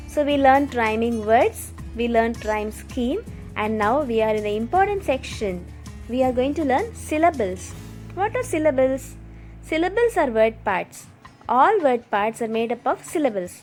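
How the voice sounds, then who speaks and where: A woman with a fairly high voice teaches children, clear and patient. Soft music plays faintly beneath her. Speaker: English teacher. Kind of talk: scripted video lesson.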